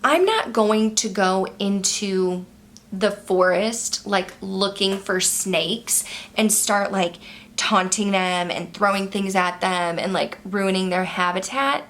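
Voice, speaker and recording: A woman's voice: mid-range voice, slow pace, fairly bright tone, a little hiss or hum. A young woman talks casually while doing her makeup. She tells a story in a chatty, exasperated way. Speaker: beauty vlogger. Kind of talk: casual makeup tutorial chat.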